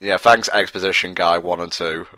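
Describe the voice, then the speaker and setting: A man's voice: deep voice, fairly even intonation, normal speed, sharp tone, no echo. A man co-hosting a casual watch-along commentary, trading dry, sarcastic quips. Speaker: commentary co-host.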